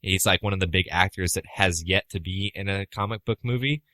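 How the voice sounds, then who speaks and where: A man's voice: low voice, brisk, sharp tone, dry recording. A man co-hosting a podcast, chatting casually and arguing his point with teasing and swearing. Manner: argumentative, teasing, swears freely. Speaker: podcast co-host. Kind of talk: casual chat.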